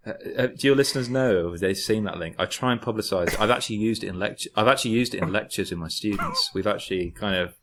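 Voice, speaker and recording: A man's voice: fairly low pitch, fast talker, hardly any pauses, fairly bright tone, a little hiss or hum. A man, a lecturer, chatting as a podcast guest and telling rambling, laughing anecdotes. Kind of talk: casual chat.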